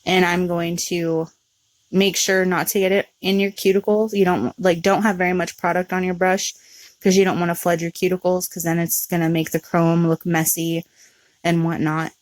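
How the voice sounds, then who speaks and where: Low-voiced woman explaining nail art. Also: normal speed, no room sound. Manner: relaxed, chatty, with frequent ums. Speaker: nail art tutorial host. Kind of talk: casual step-by-step tutorial narration.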